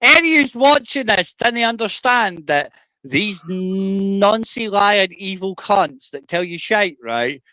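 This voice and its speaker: A man's voice: high-pitched, expressive, slow, sharp tone, no echo, poor audio. A Scottish man streaming live, chatting casually in a brash, sweary way and talking over the other speaker. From Scotland. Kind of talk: casual livestream chat.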